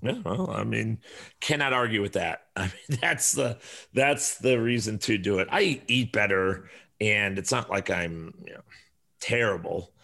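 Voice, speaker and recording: A man in his forties hosting a podcast, talking casually in a profane, rambling way and telling animated stories. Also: fairly low pitch, a little slow, creaky. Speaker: podcast host.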